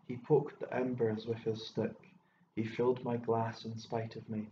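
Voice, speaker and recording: A man reading a short story aloud as narrator, in a measured, even storytelling manner. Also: mid-range voice. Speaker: audiobook narrator. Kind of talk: scripted narration. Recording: echoey room, dull lo-fi sound, faint hiss.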